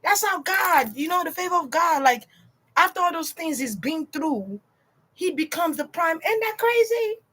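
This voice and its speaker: A woman's voice: very high voice, expressive, normal speed, sharp tone. A woman chatting casually to her viewers on a livestream tarot reading, slangy and direct.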